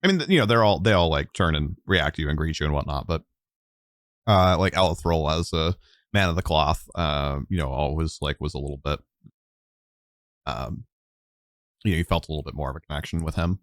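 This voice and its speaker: Deep-voiced rambling game master. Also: male voice, brisk, pauses often, dry recording, studio quality. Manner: rambling, full of fillers. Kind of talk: narrating a tabletop game.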